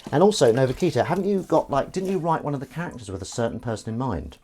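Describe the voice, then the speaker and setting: A man's voice: mid-range voice, sing-song, fast, a little mellow, slightly rough. Rambling, jokey man. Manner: rambling, jokey, swears freely. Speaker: live streamer. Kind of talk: casual live-stream chat while washing up.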